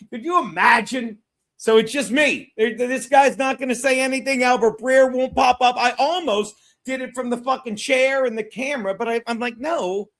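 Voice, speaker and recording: A man hosting a comedy podcast in loose, joking banter. His voice sits high, and he swears freely and stumbles through restarts. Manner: loud, joking, profane, stammering restarts.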